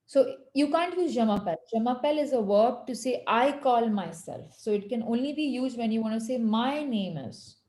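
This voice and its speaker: A woman teaching French on a video call, patiently correcting students and slowing down to model phrases. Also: on the high side, animated, darkish tone, echoey room, low-quality recording. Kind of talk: online language lesson.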